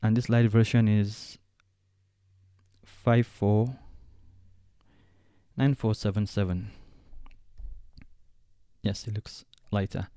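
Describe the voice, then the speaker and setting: A man walking through a design software tutorial step by step, thinking aloud as he clicks along. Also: on the low side, steady tone, slow, long pauses, clear, resonant tone, no echo, clean studio sound. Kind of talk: screen-recorded software tutorial.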